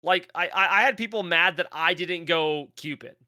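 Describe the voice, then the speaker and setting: A man co-hosting a podcast, chatting casually about games, often trailing off quietly. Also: high-pitched, normal speed, no echo, studio quality. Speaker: podcast co-host. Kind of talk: casual gaming chat.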